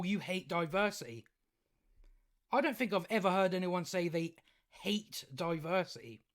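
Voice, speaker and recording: A YouTube commentator, a man whose voice sits slightly higher than most men's, rants with sarcasm and profanity for his channel. He chuckles at his own points and keeps stumbling into halting restarts.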